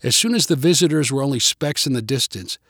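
A man narrating a storybook in an expressive, even-paced way. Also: medium pitch, fast, dry recording, studio quality. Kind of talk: storybook reading.

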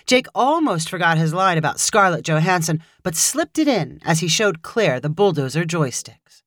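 A woman narrating a short story in a measured, expressive reading voice. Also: lowish voice, dry recording, studio quality.

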